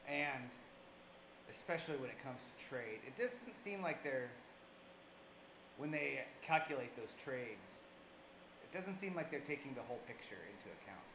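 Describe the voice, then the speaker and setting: A man's voice: mid-range voice, lively intonation, normal speed, pauses often, echoey room, background noise. A man co-hosting a fantasy football show on public access TV, talking casually and rambling with fillers. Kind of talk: casual chat. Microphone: on camera.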